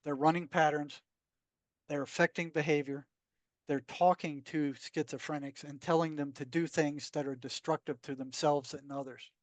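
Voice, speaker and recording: A man's voice: on the high side, steady tone, normal speed, no room sound. A man, a psychotherapist guest, telling stories in a blunt, emphatic way. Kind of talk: conversational storytelling.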